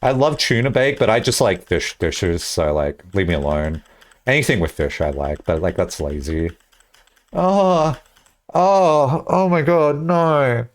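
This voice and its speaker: Chatting on stream at a moderate pace, this animated young man rambles and mocks himself, letting out squeaky high bursts as he acts out what he said.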